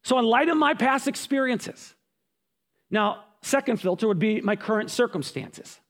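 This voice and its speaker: A middle-aged man preaching a sermon as a pastor, telling stories in animated, quick bursts. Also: extremely high pitch.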